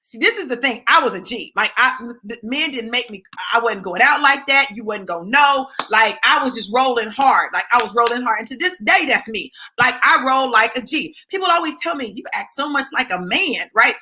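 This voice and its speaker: A woman talking straight to her viewers in a casual storytelling monologue, swinging from low asides to high exclamations and checking in with "right?". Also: lively intonation, brisk, few pauses, sharp tone, slight background noise. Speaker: vlogger.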